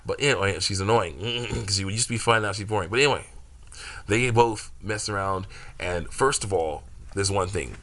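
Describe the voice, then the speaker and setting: Male, low and bright, loose rambling monologue, laughs often. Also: moderate pace. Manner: rambling, many fillers, frequent laughs. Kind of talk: casual monologue about his fan story.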